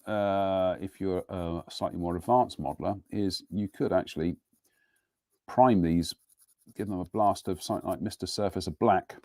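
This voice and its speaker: A middle-aged man hosts a live model-building broadcast from his home workbench, rambling and self-deprecating in a casual demonstration and chat. His voice is low and a little mellow, with no echo.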